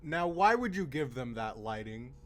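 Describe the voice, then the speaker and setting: A young man hosting a reaction video, swearing freely and yelling at the screen in comedic commentary. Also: mid-range voice, big pitch swings, normal speed.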